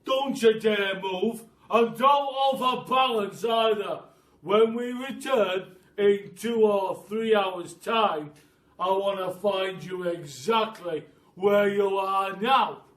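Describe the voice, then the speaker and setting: A man's voice: sits high, slow pace, a bit bright, voice pushed up. A man voicing Mr Twit, a cruel, bossy old man who barks his orders. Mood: barking orders. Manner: barking, commanding. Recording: echoey room, mic at a distance.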